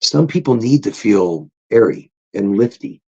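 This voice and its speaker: A man hosts a relaxed motivational podcast, his voice gravelly and a little husky. He talks in a loose, animated way, swinging his pitch up and down a lot. The recording sounds dull and lo-fi. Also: unhurried. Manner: animated, swoops into high excited tones when retelling stories. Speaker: podcast host. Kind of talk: casual motivational monologue.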